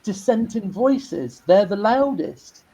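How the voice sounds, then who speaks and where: Guy rambling through a story, high voice, lots of restarts. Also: big pitch swings, takes it slowly, warm tone, slightly rough. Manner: rambling anecdotes with stammered restarts. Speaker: filmmaker guest. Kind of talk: casual interview chat.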